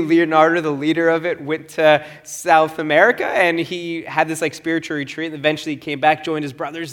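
A young adult man giving a sermon, telling a personal story in an animated, self-deprecating way. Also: a little high. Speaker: pastor.

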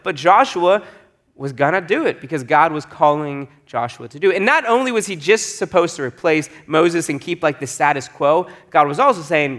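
A male pastor delivering a sermon with an easygoing, conversational flow. His voice sits fairly high for a man, and he leans on key phrases by saying them twice. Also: expressive, normal speed, a bit bright. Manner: casual, conversational preaching with emphatic repeats.

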